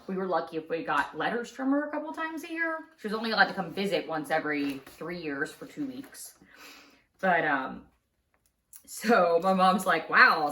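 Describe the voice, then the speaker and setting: A woman telling a true story in a casual storytime vlog, chatty and quick to laugh, recorded in an echoey room. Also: low-pitched, fairly bright tone, far from the mic. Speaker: craft channel host. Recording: roomy echo.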